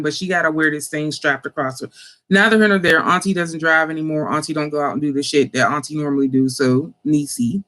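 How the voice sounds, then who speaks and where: Animated, profane woman telling a story. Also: sits low. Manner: slangy casual speech. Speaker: host. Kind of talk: casual storytelling.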